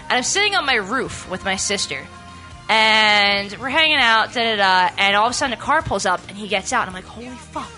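A young woman co-hosting a casual radio show tells an animated story, swearing freely and acting out what people said. Her voice is medium-pitched and fairly quick, with faint music behind her.

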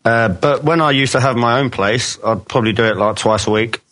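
A man's voice: mid-range voice, fairly quick, fairly bright tone, poor audio. A man with a Cockney accent calling into a comedy show, laid-back and wry. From England. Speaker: caller. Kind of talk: casual phone-in chat.

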